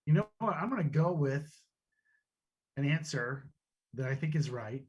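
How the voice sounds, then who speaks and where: A man's voice: a little high, animated, moderate pace, darkish tone, breathy edge, dull audio. A man playing along as a contestant in a casual trivia quiz, joking and enthusiastic. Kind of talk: casual banter.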